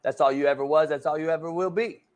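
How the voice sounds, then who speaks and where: A man's voice: on the high side, fairly even intonation, quick pace. A man hosting a sports talk show, ranting in a brash, mocking way and swearing constantly. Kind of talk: profane casual rant.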